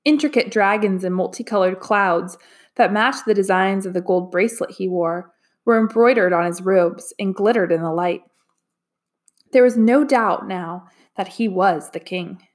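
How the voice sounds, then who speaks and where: A woman narrating a storybook in a calm, even way. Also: mid-range voice. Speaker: audiobook narrator. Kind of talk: storybook reading.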